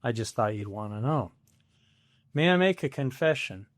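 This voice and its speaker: A man's voice: medium pitch, animated, normal speed, dry recording, studio quality. A man in his seventies hosting a solo podcast, telling a family story in a wry, self-deprecating scripted style. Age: 70s.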